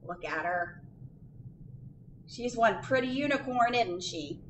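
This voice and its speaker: A woman's voice: a little high, lively intonation, takes it slowly, muffled recording, slight background noise. A woman librarian reading a picture book aloud at children's storytime, sing-song and asking the children questions.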